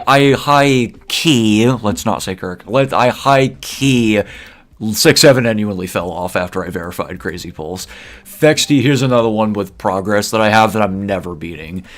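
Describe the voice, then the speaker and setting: Low-voiced man ranting over gameplay. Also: animated, moderate pace, a bit bright. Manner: opinionated, rambling, heavy use of "like". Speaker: gaming video creator. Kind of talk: casual gaming commentary.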